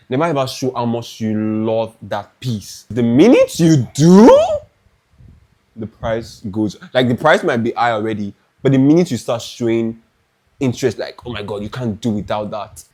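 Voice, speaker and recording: A young Nigerian man with a Nigerian accent, telling a lively, dramatic story in a chatty clothing haul vlog. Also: on the low side, normal speed. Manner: animated, dramatic, restarts often. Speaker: fashion vlogger.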